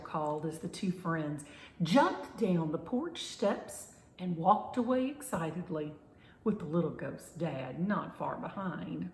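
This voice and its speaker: A woman reading a children's story aloud in a gentle, expressive way. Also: low-pitched, slow. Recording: roomy echo.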